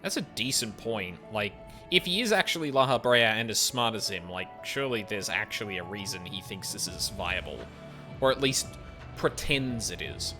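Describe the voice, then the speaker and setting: A man's voice: lowish voice, animated, moderate pace. A man streaming a game, reacting in casual, blunt commentary with some swearing. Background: game music.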